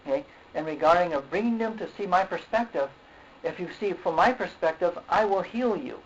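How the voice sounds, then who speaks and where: A man preaching a sermon in a halting way, repeating words, often saying okay and clearing his throat. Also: sits high, animated. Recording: dull lo-fi recording with faint noise.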